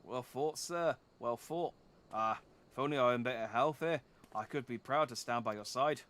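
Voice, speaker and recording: A man's voice: medium pitch, a bit bright, close to an everyday voice. A man voicing a frail, gracious older father with a put-on Canadian accent, ending his lines with "eh?". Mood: earnest. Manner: ends lines with a drawn-out "eh?".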